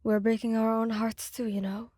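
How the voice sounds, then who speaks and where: A woman voicing a gentle, pained young man who talks quietly and pleads in an ASMR audio story. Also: fairly high pitch, little pitch movement, normal speed, no room sound, studio quality, natural voice. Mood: pleading.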